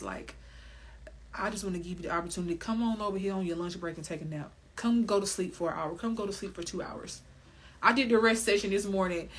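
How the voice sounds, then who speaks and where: A woman hosting a wellness podcast, talking candidly on her own in an animated, emphatic way, swearing freely and laughing often. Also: mid-range voice, husky. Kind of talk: candid solo podcast monologue.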